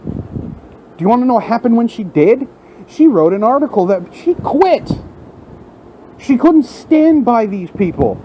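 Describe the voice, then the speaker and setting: A man's voice: very high voice, very animated, a little slow, pauses often, dull audio, slight background noise. An angry man delivering an unscripted, profane rant into his phone at work, in front of a large window. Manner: heated, profane ranting. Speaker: vlogger.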